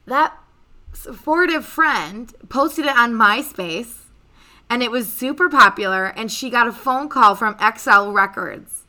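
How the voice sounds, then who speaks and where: A woman's voice: fairly high pitch, animated, measured pace, bright, forceful tone. A young woman hosting a casual podcast chat, telling a story in a chatty, swearing, offhand way. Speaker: podcast host.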